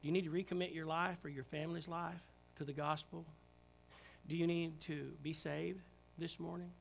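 A man preaching a sermon in a church, rising to loud emphatic calls and dropping to quiet, hushed prayer. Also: fairly high pitch, little pitch movement, normal speed, gravelly, a little hiss or hum. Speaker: pastor. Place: church sanctuary.

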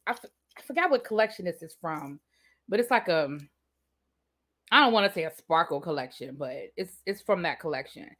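A woman with a Washington DC accent, chatting casually on a livestream and answering her viewers' comments with drawn-out asides. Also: medium pitch, bright, forceful tone. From Washington DC area. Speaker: livestream host.

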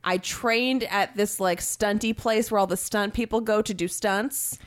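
A woman in her twenties, an actor, chatting casually with lots of swearing and big swings of pitch when she gets excited. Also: unhurried. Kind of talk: casual chat.

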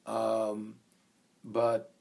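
Man, gravelly voice, earnest, scripture discussion, storytelling. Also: fairly low pitch, monotone, extremely slow, a little mellow. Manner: thoughtful, earnest, tells anecdotes; reads a Hebrew verse aloud. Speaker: teacher leading a Bible discussion. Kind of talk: conversational teaching.

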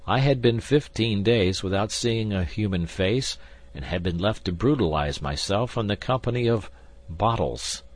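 Wry, unbothered musketeer, low and husky, as a male reader plays him. Audiobook reading. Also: moderate pace, no room sound. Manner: calm, drawling and wry. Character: coolly indifferent older male musketeer, wry gambler.

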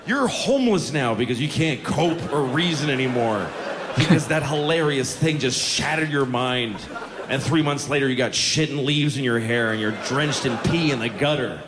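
A man's voice: on the high side, background noise. A man doing a stand-up routine, ranting and mocking with plenty of profanity, live before an audience. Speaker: stand-up comedian. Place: comedy stage before an audience. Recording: live show hall, audience laughter.

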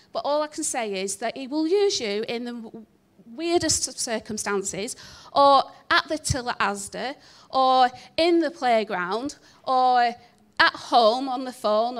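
A woman's voice: fairly high pitch, fairly bright tone. Chatty woman testifying. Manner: chatty, self-deprecating, many ums. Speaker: church member sharing a testimony. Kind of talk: personal testimony to a congregation.

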